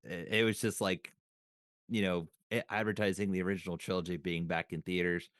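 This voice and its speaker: A man's voice: sits low, little pitch movement, a little fast, a bit bright, dry recording, studio quality. A man co-hosting a podcast, chatting casually and recalling old memories aloud with restarts and trailing thoughts. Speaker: podcast co-host. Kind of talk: casual chat.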